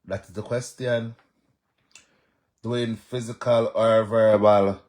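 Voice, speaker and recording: Lively Jamaican man chatting on a livestream. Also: on the low side, slow, pauses often. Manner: animated, reads out viewer comments and answers them. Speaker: live stream host. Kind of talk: casual live stream chat.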